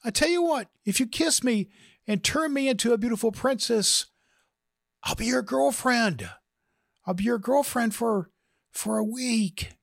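A man voicing a female talking frog who begs to be kissed, in a strained falsetto. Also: measured pace, creaky, no room sound, studio quality, exaggerated voice. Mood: pleading. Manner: begging, growing frantic and shrill.

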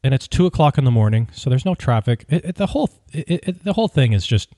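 A man tells a story in a wry, opinionated way and keeps it lively. His voice is mid-pitched, and the recording is close and dry with no room sound. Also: fast talker, no echo. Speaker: podcast host. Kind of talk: casual storytelling.

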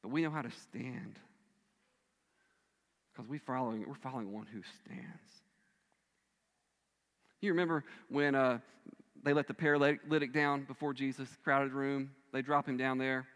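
A male pastor preaching a sermon, swinging between loud emphatic bursts and hushed, quiet lines. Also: mid-range voice, steady tone, a little slow, long pauses. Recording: long reverb of a large hall.

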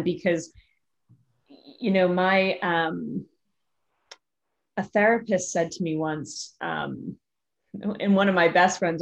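A woman hosting a casual podcast chat, candid and laughing through her stories. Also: on the low side. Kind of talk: casual conversation. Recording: dull lo-fi audio.

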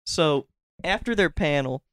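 A young adult man co-hosting a podcast, excitedly telling stories and laughing along in casual chat. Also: fairly high pitch, unhurried, smooth, no echo, clean studio sound. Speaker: podcast co-host.

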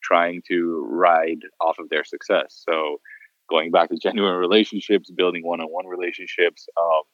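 A man's voice: low voice, moderate pace, no echo, dull audio. A man who works as a photographer tells stories in a casual podcast chat and acts out the people he quotes. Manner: animated storyteller, acts out quotes.

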